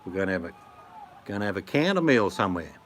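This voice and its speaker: A man's voice: low voice, big pitch swings, fast, fairly bright tone, slight background noise. A middle-aged man with an Australian accent, chatting casually and jokingly with his viewers. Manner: blokey, joking, rambling. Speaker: vlogger answering chat. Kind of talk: casual chat.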